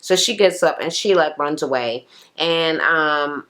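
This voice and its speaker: A woman's voice: unhurried, a bit bright. A woman giving a blunt, profane, casual recap of a reality show, slipping into exaggerated quoted voices. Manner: blunt, sassy, heavy swearing, acts out quotes in raised pitch.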